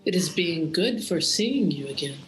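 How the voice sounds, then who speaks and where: A game master voicing a warm, sourceless spirit presence that speaks in oddly broken, foreign-sounding phrases. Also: mid-range voice, animated, normal speed, soft background music, lightly acted. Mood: mysterious. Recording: roomy echo.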